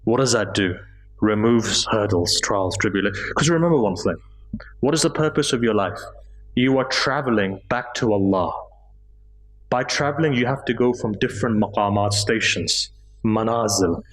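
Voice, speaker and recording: A man's voice: on the low side, normal speed, rough recording. A man preaching a sermon at a mosque, telling stories emotively, his voice rising in the moving passages. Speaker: speaker at a mosque gathering. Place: mosque hall.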